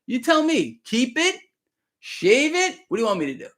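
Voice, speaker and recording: A man's voice: extremely high pitch, very animated, moderate pace, fairly bright tone. A man hosting a live stream of market commentary, talking straight to his viewers with sarcastic, exclaiming emphasis.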